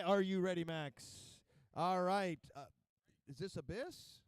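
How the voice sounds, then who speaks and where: High-voiced man calling robot fights. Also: slow, smooth, dry recording. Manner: counts down loudly, calls hits. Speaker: robot combat announcer. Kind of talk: live arena commentary.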